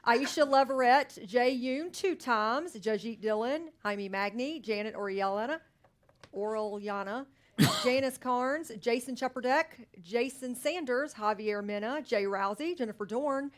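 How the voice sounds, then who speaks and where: A woman's voice: on the high side, measured pace. A woman co-hosting a live company sales meeting from a studio, reading long lists of names in a casual, upbeat way and cheering people on.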